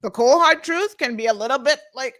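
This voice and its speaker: Woman hosting a live talk show, bright punchy voice, blunt and emphatic, chatting straight to viewers. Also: high-pitched, brisk. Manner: outspoken, emphatic, addresses viewers directly. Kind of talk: unscripted live commentary, reading viewer comments.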